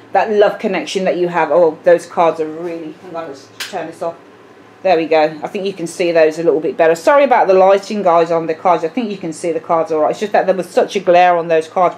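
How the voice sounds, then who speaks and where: A woman's voice: fairly low pitch, a little mellow. A woman with a British accent giving a casual tarot reading to camera, musing aloud and often repeating herself with fillers. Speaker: tarot reader.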